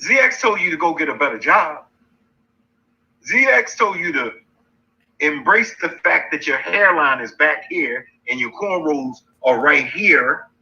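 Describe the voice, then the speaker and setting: With a fairly high, pushed, bright voice and lively intonation, a livestream host speaks unhurriedly. He taunts his critics in a rant, mocking and challenging them and repeating insults. The stream's audio is dull and lo-fi.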